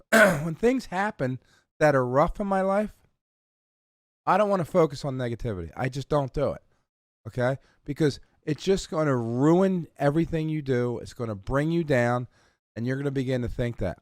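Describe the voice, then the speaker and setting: A man's voice: a little high, dry recording, studio quality. A man hosting a podcast, talking casually and with emphasis, often checking in with the listener. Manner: animated and emphatic, often tags "okay?". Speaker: podcast host. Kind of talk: motivational casual talk.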